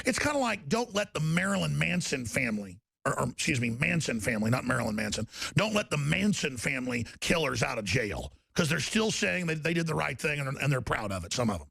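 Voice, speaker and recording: Talk host, angry rant, raspy fry-heavy voice, a bit high, dry close sound. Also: male voice, fairly bright tone, no room sound. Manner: angry, ranting, repetitive. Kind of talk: political talk show rant.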